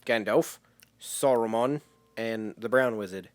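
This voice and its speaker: A man co-hosting a podcast, chatting about a fantasy series in a jokey, animated way, swearing casually. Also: lowish voice, a little slow, dry recording. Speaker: podcast co-host.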